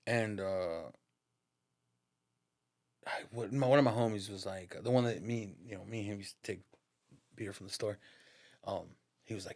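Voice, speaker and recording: Guesting on a podcast, this man speaks at medium pitch in a brisk, sing-song way, pausing often. He tells his story with plenty of profanity and slang, addresses the listener as "dog," and laughs as he goes.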